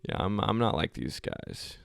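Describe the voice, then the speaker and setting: Here a young adult host rambles through a history story for his podcast, cursing freely and laughing often. His low-leaning voice is gravelly and very animated, at a moderate pace, with a clean tone and no room sound.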